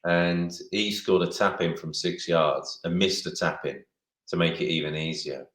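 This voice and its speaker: His deep, steady, slightly bright voice moves at a moderate pace as this middle-aged ex-footballer rambles through interview stories. He keeps restarting and acting out quotes, with roomy echo in the recording.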